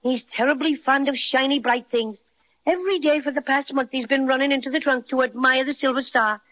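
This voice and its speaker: A woman's voice: high voice, brisk. A woman voicing a tiny, playful, mock-ferocious male teddy bear with an Irish accent in a 1930s radio drama, speaking in jaunty rhymes and polite old-fashioned phrases. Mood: cheerful. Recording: dull old radio transcription.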